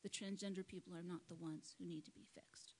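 A woman giving a prepared public talk to a live audience, speaking in a measured, earnest way into a microphone. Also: fairly low pitch, steady tone, husky, rough recording. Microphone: microphone at a lectern.

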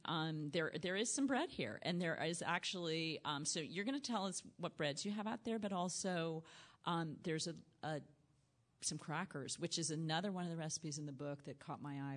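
A low-pitched woman hosts a live talk in front of an audience. She is chatty and laughs often, with plenty of ums between her questions. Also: normal speed. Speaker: event host and interviewer. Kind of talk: live onstage interview with audience.

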